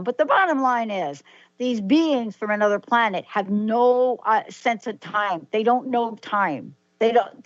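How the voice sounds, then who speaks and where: A woman's voice: medium pitch, no echo, highs cut off. A woman hosting a radio talk show, speaking thoughtfully and reflecting aloud, often restarting her sentences. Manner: thoughtful, hesitant, with frequent restarts. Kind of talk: casual radio chat.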